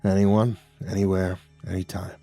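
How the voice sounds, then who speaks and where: A man voicing a tense, menacing male cult servant who answers in a flat, mechanical way. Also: sits low, normal speed, soft background music, pitched below the performer's own voice.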